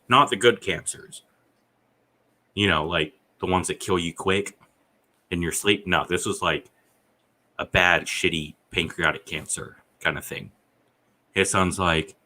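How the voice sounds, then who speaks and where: Man, low unhurried voice, bright edge, rambling podcast host, swears freely. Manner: rambling, profane, reads out chat messages. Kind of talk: casual rambling podcast chat.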